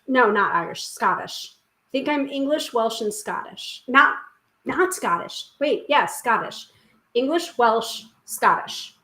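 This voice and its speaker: A woman's voice: mid-range voice, a bit bright. A woman hosting a live tarot stream, chatting casually with lots of giggles, fillers and self-corrections. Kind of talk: casual live-stream chat and card reading. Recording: echoey room.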